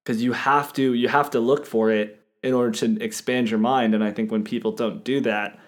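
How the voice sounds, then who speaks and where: A man's voice: mid-range voice, steady tone, normal speed. A man co-hosting a casual chat, talking in a thoughtful, reflective way with plenty of "like" fillers.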